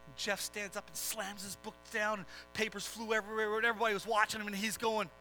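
A man's voice: sits high, steady tone, fast, pushed and bright, soft background music, poor audio. A man preaching a sermon, earnest and direct, building into dramatic storytelling. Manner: earnest, swelling into dramatic retelling.

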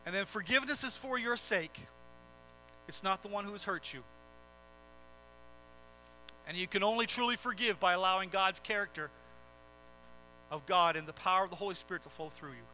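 A man's voice: high-pitched, moderate pace, pauses often, sharp tone, faint music behind, rough recording. A man preaching a sermon, earnest and direct, building into dramatic storytelling. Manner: earnest, swelling into dramatic retelling.

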